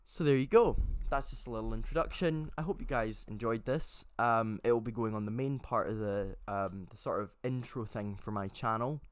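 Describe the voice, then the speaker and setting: A man's voice: lowish voice, moderate pace, hardly any pauses, smooth. A young man in his late teens gives a casual introduction to his channel, talking in a chatty and hesitant way with frequent fillers. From Scotland. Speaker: channel host.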